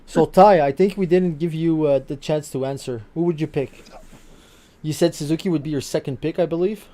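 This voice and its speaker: Higher-voiced man hosting a loose video call. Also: brisk, dark tone. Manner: laughing easily, apologetic. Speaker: podcast host. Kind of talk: casual chat.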